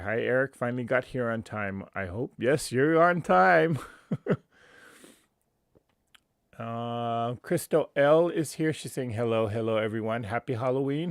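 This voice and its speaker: Guy hosting a live stream, easygoing and slow, laughs a bunch, greets folks by name. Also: mid-range voice, no room sound, studio quality. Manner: chatty, laughs often, greets viewers by name. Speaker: livestream host. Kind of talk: casual livestream chat.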